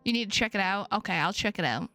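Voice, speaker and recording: A woman's voice: medium pitch, animated, quick pace, sharp tone, faint music behind. A woman streamer chatting playfully and swearing freely while reading a visual novel's text aloud. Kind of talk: casual live-stream chat, reading game text aloud.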